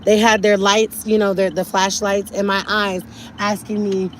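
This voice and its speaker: A woman's voice: mid-range voice, level tone, moderate pace, a little hiss or hum. A woman talking urgently and indignantly to her viewers on a live stream from a car, often repeating herself. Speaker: livestreamer.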